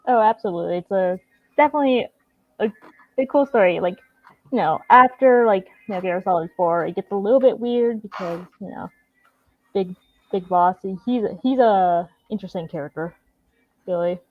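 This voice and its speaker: A woman's voice: mid-range voice, normal speed, no room sound. Woman chatting on dull, dry audio. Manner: relaxed, filler-heavy, with lots of "like" and "you know". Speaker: guest streamer. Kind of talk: casual chat.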